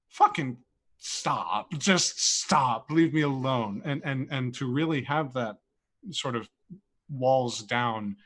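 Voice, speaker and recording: Musing man talking through his character. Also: medium pitch. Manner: reflective, musing, swears casually. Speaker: player. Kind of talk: casual discussion.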